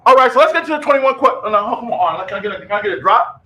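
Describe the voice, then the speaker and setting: A man hosting a radio show in casual, animated chat, calling out to his co-hosts and listeners. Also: extremely high pitch, poor audio. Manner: animated, loud, quick repeated calls of "yo".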